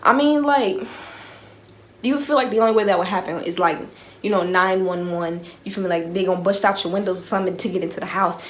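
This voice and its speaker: A woman's voice: fairly low pitch, quick pace, echoey room. A young woman vlogger in casual storytime mode. She talks in slang and keeps checking that the listener is following.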